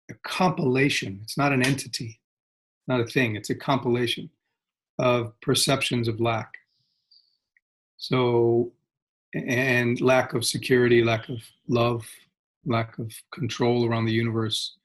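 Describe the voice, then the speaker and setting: A man speaking as a guest, explaining ideas in a reflective, animated way and laughing often. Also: medium pitch. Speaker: guest, spiritual teacher.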